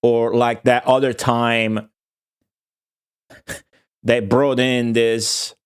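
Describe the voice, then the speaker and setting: A young man with a voice of ordinary middle pitch talks casually to his stream viewers. He rambles, swears freely and laughs his way through a long story. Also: little pitch movement, drawn-out words, clean tone.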